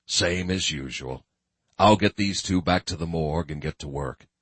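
A man narrating an audiobook voices a calm, matter-of-fact coroner. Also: low-pitched, normal speed, husky, dry recording.

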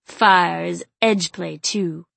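A woman voicing a dominant male lover who is an inhuman king, speaking in a low, slow, husky murmur. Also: fairly even intonation, a bit bright, dry recording, full character voice. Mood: heated, commanding.

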